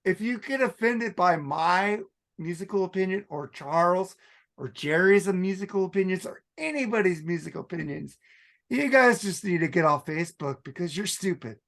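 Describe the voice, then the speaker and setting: An outspoken man co-hosts a rock podcast in loose, casual chat. His voice sits high for a man and has a gravelly fry. He states his opinions flatly and laughs often. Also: moderate pace. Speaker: podcast co-host. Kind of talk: casual chat about music.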